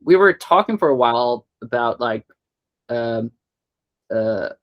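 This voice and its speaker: Halting Swedish man in conversation. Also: mid-range voice, expressive, dull audio. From Sweden. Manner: halting, many fillers and restarts. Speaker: guest musician. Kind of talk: casual interview talk.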